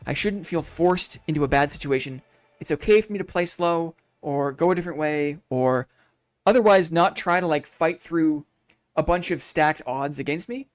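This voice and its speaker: A man chatting casually on a live game stream, upbeat and reflective, rambling through his thoughts in a friendly way. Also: on the high side.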